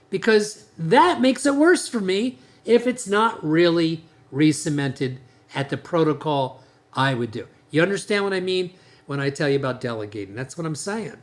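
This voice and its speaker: Male dentist host: blunt, emphatic delivery with a slightly raised pitch and a lively, swinging intonation. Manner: blunt, emphatic, rambling with restarts. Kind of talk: podcast monologue on leadership.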